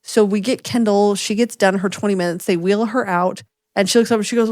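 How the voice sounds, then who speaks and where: A slightly fast-talking woman in her forties co-hosts a podcast, captured in a dry, clean studio recording. Chatting casually, she tells a story with animated flair, acting out quotes through big pitch jumps.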